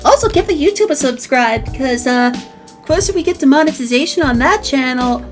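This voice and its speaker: High-voiced, playful woman streamer. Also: lively intonation, brisk, faint music behind. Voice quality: very flexible voice. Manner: playful and crude, switching voices. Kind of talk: casual livestream chat.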